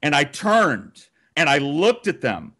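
A man's voice: fairly high pitch, sing-song, takes it slowly, pushed and bright. A man telling a childhood story on a podcast in casual, profanity-laced chat.

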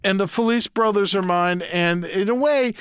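A man's voice: high voice, moderate pace, background noise. Rambling, profane male podcast host. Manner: rambling, profane, laughs at own jokes. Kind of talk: casual chat.

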